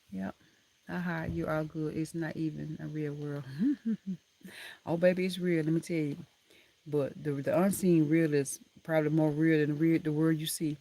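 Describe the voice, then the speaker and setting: A woman's voice: low voice, level tone, moderate pace, long pauses, mellow. A woman hosting a casual live stream from a room at home, chatting affectionately with viewers and laughing often. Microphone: laptop camera mic.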